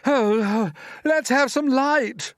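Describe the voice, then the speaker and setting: A storybook reader voicing a brash, bossy male centipede who talks loud, snappy and impatient. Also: medium pitch, very animated, unhurried, no room sound, clean studio sound, voice pushed up. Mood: shouting.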